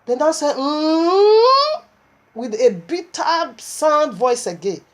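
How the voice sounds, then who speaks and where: A woman's voice: high-pitched, sing-song, a little slow. A woman preaching a sermon, impassioned and repetitive, with stammering restarts as she recounts a vision.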